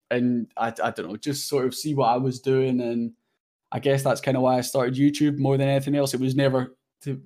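A man's voice: medium pitch, darkish tone. A man in his twenties, a guest content creator chatting casually in an interview, rambling and self-deprecating with lots of fillers.

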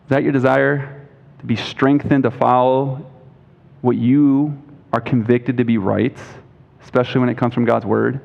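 Emphatic pastor preaching in a reverberant hall. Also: male voice, level tone, moderate pace, vocal fry. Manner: emphatic, rising pitch on scripture quotes, asks the congregation questions. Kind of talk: sermon. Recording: dull lo-fi recording with long hall reverb.

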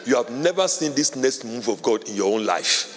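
A man's voice: medium pitch, expressive, moderate pace. Fervent preaching man in a reverberant hall. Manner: fervent preaching, rising to shouts. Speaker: pastor. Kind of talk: sermon.

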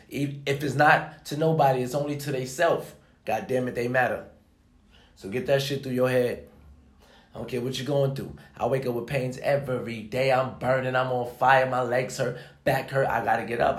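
A man's voice: medium pitch, fairly even intonation, brisk. A man giving a profane, preachy motivational rant, talking emphatically and swearing often. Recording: echoey room.

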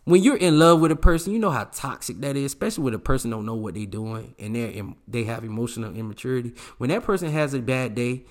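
Man, casual monologue, blunt, slangy, emphatic, mid-pitched voice. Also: fast, hardly any pauses, a little mellow. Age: adult with a child. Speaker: relationship advice speaker.

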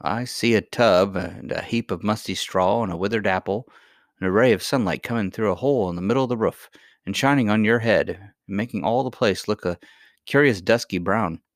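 A man playing a gruff, sulky boy. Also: lowish voice, a little fast, no echo, clean studio sound, natural voice. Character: gruff, stubborn miner boy.

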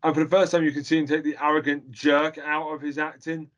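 A man's voice: on the high side, level tone, fast talker, fairly bright tone, highs cut off. A man in casual chat, blunt and rambling, swearing freely as he gives his opinions.

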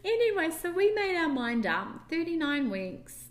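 A woman's voice: very high-pitched, big pitch swings, a little slow, slight background noise. A young woman co-hosting a podcast, telling a personal story in a chatty, rambling way with lots of fillers. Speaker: podcast co-host. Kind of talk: casual storytelling chat.

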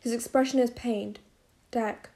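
A woman narrating a first-person novel as an audiobook, in a steady storytelling manner. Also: fairly high pitch, normal speed.

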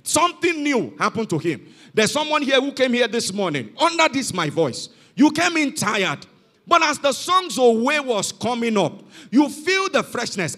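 Male pastor, high animated voice, emphatic sermon delivery. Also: normal speed. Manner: emphatic, repeats "you are not hearing me". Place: church hall.

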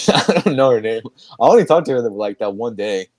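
A man's voice: medium pitch, expressive, moderate pace, dry recording. A young man hosting a podcast, chatting casually, rambling with restarts and laughing often. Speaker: podcast host. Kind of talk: casual chat.

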